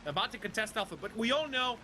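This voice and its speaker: A man commentating a live tank game match, excitable and jokey, quick to laugh. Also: sits high, a little hiss or hum. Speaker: esports commentator. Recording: faint music behind.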